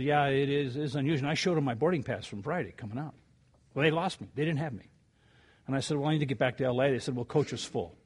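An older man preaching a sermon, telling a story with animated rises and quiet asides before reading scripture. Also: medium pitch, husky. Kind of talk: sermon with anecdote.

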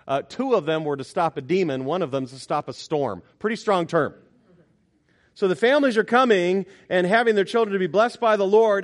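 A middle-aged pastor delivers a sermon in a fairly high male voice. He preaches with emphasis and swings between loud exclamations and quieter reflective passages. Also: moderate pace.

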